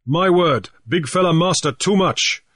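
A genial, firm sea captain, as a male narrator puts him on, hearty and brisk in how he talks. The voice carries a slight husk and sounds dry and close. It is a character voice in a storybook reading. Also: a little high, a bit bright, no room sound, voice pushed up. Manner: hearty, brisk pidgin and plain speech. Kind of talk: audiobook character voice.

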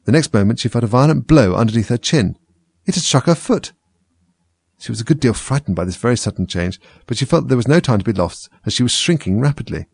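A man reading a storybook aloud in a measured, expressive way. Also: medium pitch, vocal fry, slightly rough, dry recording. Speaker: reader.

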